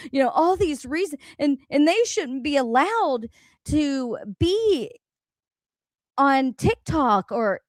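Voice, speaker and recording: A woman with a slightly high voice, recorded with no echo, hosts a casual livestream rant. She's blunt and profane, laughs a lot, and reads comments from the chat aloud.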